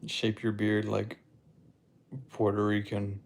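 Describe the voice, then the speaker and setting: A man's voice: fairly low pitch, takes it slowly, vocal fry. A man on a livestream, casually chatting and joking as he reads out viewer comments. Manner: relaxed, joking, laughs often.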